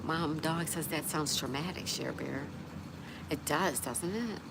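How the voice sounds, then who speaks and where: A woman's voice: sits low, unhurried, creaky. A woman hosting a casual livestream, reading viewer comments aloud and chatting back with a laugh. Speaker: livestream host reading chat. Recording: noticeable background noise.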